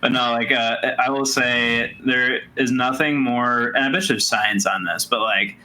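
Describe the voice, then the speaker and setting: A man rambling through stories in casual podcast chat, full of fillers and laughs. His voice is mid-pitched and very bright and sharp. Faint noise sits behind him. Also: fairly even intonation, unhurried, low-quality recording. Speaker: podcast co-host.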